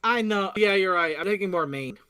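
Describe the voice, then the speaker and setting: Excitable high-voiced man chatting. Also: brisk, crowd noise. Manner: excitable, swears, stumbles and restarts. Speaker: co-host of a fan talk show. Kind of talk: casual chat.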